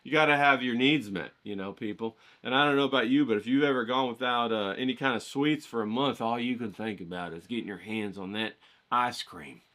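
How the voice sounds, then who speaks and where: Joking rambly guy running his art channel, bright voice. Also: mid-range voice, brisk. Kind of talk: casual vlog talk with drawing tips.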